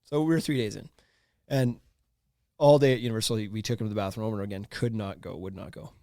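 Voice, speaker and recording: Speaking quickly in a lowish voice, a thirty-something podcast host laughs his way through a casual story, packed with fillers. The studio-quality audio has no echo.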